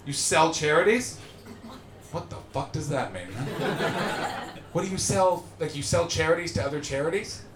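A man hosting a live comedy podcast in front of an audience, ranting and swearing, swinging from muttered asides to shouting. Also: on the high side, expressive, normal speed, noisy background. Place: live show venue with audience. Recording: echoey live venue.

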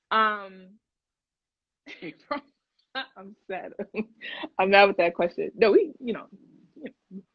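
A woman's voice: medium pitch, breathy edge, no echo. A young woman hosting a livestream, chatting casually and animatedly with viewers in slangy talk, laughing often. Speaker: livestream host. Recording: dull lo-fi dry sound.

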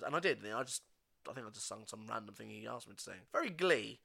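A young man tells stories in a relaxed podcast chat, and he laughs easily along the way. His voice is bright and forceful, and it sits at a middling pitch. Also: fast talker, gravelly. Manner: chatty storyteller, laughs often. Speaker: podcast co-host. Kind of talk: casual chat.

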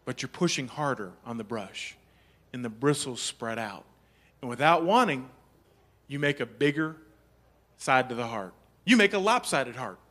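A man telling a humorous family story to an audience, animated and playful. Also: medium pitch, normal speed, long pauses. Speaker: speaker.

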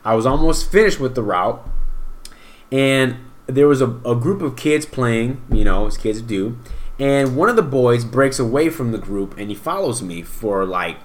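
A man's voice: mid-range voice, moderate pace. A young man co-hosting a casual podcast, telling stories with profanity and acting out what people said. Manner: animated, profane, acts out quotes loudly. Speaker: podcast co-host. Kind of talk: casual storytelling chat.

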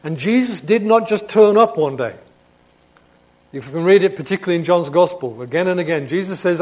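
A man preaching a sermon, swinging between emphatic proclamation and hushed reflection, often asking his listeners rhetorical questions. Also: high-pitched, expressive, fairly quick. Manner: asks rhetorical questions of the congregation.

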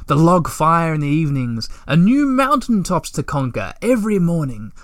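A man's voice: on the high side, very animated, brisk, a bit bright, dry recording, studio quality, voice pushed up. A man voicing a cheerful, eager male creature in a storybook reading, talking with beaming enthusiasm. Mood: enthusiastic.

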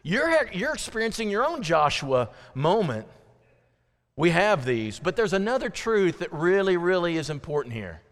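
A male pastor preaches to his congregation, emphatic and repetitive on key phrases, slowing down for stress, with folksy asides and direct questions to the listeners. His voice sits high, sing-song and fairly bright. Long reverb from the church sanctuary fills the recording.

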